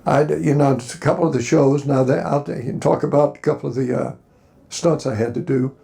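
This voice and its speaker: A man's voice: mid-range voice, fairly even intonation, brisk, gravelly, mellow. An older man from Alabama, a convention panel guest telling rambling, folksy stories and encouraging the crowd. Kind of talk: storytelling Q&A. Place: hotel convention panel room.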